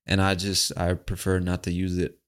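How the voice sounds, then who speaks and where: A man's voice: low voice, normal speed. A man from the United States talking casually and profanely as host of a podcast monologue. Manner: relaxed, profane, conversational.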